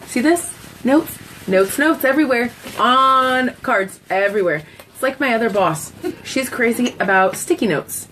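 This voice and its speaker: A woman's voice: fairly high pitch, animated, a little slow, fairly bright tone, a little hiss or hum, low-quality recording. Chatty woman hosting a live stream. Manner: talkative, storytelling, giggly asides. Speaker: live-stream sales hostess.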